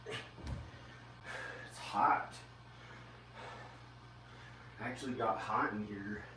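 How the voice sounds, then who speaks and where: A man vlogging at home, muttering slowly and quietly to himself. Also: reverberant, far from the mic, slight background noise. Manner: slow, low muttering to himself. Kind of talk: rambling self-filmed vlog. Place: his house, indoors.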